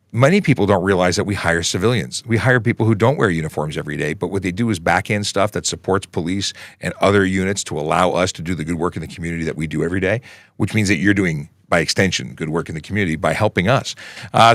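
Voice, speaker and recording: A man's voice: low-pitched, a bit bright, no echo, clean studio sound. A man in his forties, a police constable hosting a casual livestream Q&A, talking in a chatty, rambling way with joking asides and restarts. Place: podcasting station in a studio.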